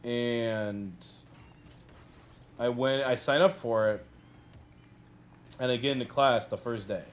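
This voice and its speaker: A young man spins a casual anecdote in a middle-pitched voice. He keeps it animated and loose, and he leans on "like" as he goes. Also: takes it slowly, slight background noise. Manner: animated, heavy use of "like". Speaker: streamer. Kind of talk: casual storytelling.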